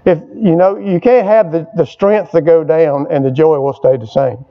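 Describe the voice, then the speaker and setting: Older male pastor with a high-pitched voice in a church sermon. He talks call-and-response, drawing amens from the room and hammering phrases again and again. It is a dull, lo-fi recording. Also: moderate pace. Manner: call-and-response preaching, prompting the congregation for amens; repetitive, emphatic phrasing. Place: church service with a responding congregation.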